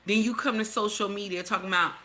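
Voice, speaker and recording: A woman's voice: medium pitch, steady tone, fast talker, bright, forceful tone. A middle-aged woman hosting a reaction video, blunt and heated, lecturing her viewers with heavy cursing. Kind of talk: profane reaction commentary.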